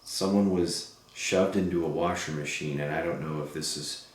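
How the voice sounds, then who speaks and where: A man working as a paranormal investigator, speaking gently and reassuringly to spirits. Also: a bass voice, steady tone, normal speed. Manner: soothing and reassuring. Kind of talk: slow, gentle address to spirits. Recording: echoey room, far from the mic, faint noise.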